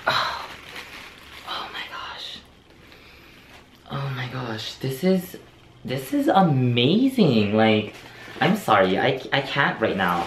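A young man gushes through a casual unboxing vlog, breathless and tripping over his own words. His voice sits a little low, and the echoey room carries a faint hum of ambience. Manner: gushing, breathless, repeats words, trails off. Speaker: vlogger unboxing a handbag.

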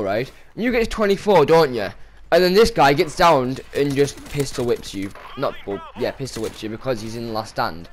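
A young man ranting casually over gameplay, swearing and exasperated with sudden outbursts. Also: medium pitch. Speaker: gaming commentator. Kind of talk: casual gameplay commentary rant.

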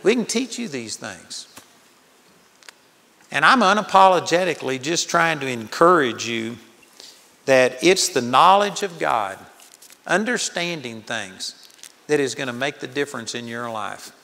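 A man's voice: mid-range voice, expressive, measured pace, gravelly, pauses often, bright, forceful tone, in a large hall. An older man preaching a sermon at a Bible college, telling stories in an earnest manner. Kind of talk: sermon teaching. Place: large hall with audience.

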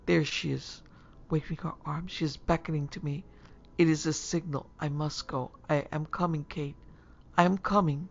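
A woman voicing a terrified young man who sees a ghost, crying out in panic and hoarse whispers. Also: deep voice, steady tone, normal speed, lo-fi sound. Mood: panicked.

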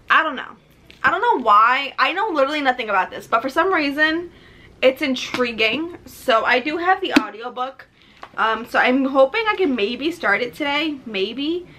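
A woman's voice: high voice, big pitch swings, moderate pace, pushed and bright. A woman talking casually in a book vlog, chatty and effusive, with lots of fillers. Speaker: book vlogger.

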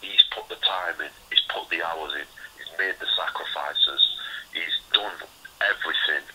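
A man's voice: sits low, moderate pace, pushed and bright, slight background noise, low-quality recording. A man, a retired boxer telling candid stories in a rambling, restarting way. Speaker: retired boxer, interview guest. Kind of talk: casual interview storytelling.

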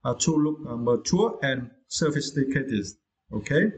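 A man with a Vietnamese accent teaching English vocabulary in a casual lesson, pausing often with "uh" and asking "right?". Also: medium pitch, expressive, rough recording. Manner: hesitant, many "uh" pauses and "right?" checks; non-native English speaker.

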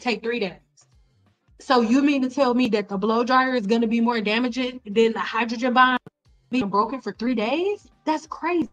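A middle-aged woman cosmetologist hosting a casual live stream, blunt and animated, talking straight to her viewers with slang and exasperated repetition. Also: on the high side, low-quality recording. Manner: frequent laughs and exasperated repetition. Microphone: desk mic.

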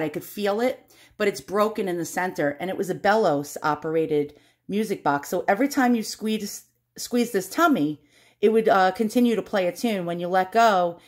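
A woman in her forties chatting casually as she shows items from her collection, laughing often and poking fun at herself. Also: medium pitch. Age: 40s. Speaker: collector vlogger. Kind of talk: casual show-and-tell vlog.

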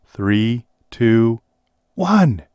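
A man reading aloud, voicing an excitable young woman with a raised, breathless voice. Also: low voice, measured pace, no echo, clean studio sound. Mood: eager.

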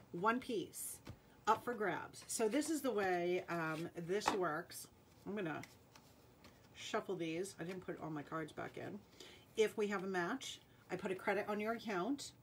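A woman's voice: mid-range voice, a little hiss or hum. A woman with a Rhode Island accent hosting a live jewelry sale, chatting casually and reading out viewer names and playing cards. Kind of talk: live-stream sales chat.

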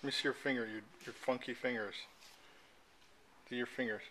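A woman's voice: rumbling low, fairly even intonation, brisk, noisy background. A woman in a casual home video, prompting children with playful, coaxing questions. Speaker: adult filming and prompting children.

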